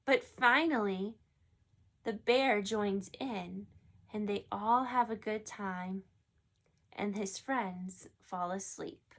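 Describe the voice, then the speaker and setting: A woman teacher reading a picture book aloud in an animated way and then asking her class questions about it. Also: medium pitch, slow pace.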